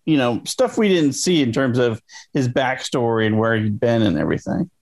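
A man interviewing a guest, asking questions in a halting, casual way with many restarts. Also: medium pitch, animated, a little mellow.

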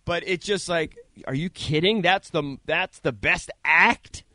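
A man's voice: fairly high pitch, measured pace, bright, forceful tone, no room sound, studio quality. A man hosting a sports radio show, chatting casually with his co-hosts.

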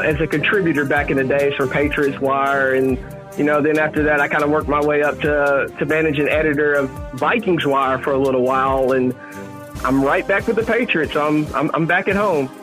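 An easygoing man with a Tennessee country accent chats on a sports podcast. He laughs often and repeats his words. His voice sits fairly high, with faint music in the background. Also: fairly even intonation, brisk, a bit bright, rough recording. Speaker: podcast guest and editor. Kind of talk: casual sports podcast chat.

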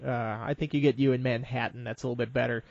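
A man's voice: mid-range voice, steady tone, fast, vocal fry, a little mellow, no echo, lo-fi sound. Teasing male podcast host. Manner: teasing, conversational. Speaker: podcast host, football beat writer. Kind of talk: casual podcast chat.

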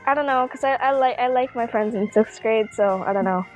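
A woman's voice: fairly high pitch, brisk, faint music behind. A young girl chatting casually in a shy, shrugging, self-deprecating way. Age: young, eleven. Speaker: host's niece, guest. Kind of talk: casual chat.

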